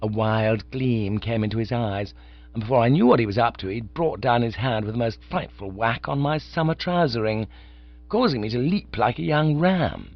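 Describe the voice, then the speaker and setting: A man reading an audiobook in scripted narration with a wry, lively manner. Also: medium pitch, normal speed, no room sound. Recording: dull, dry audiobook recording.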